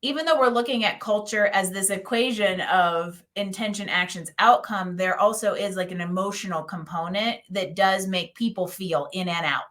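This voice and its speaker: A woman hosting a podcast interview. She answers with short agreeing replies in a mid-pitched voice and adds her own reflective comments. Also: normal speed, hardly any pauses, a bit bright. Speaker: podcast host.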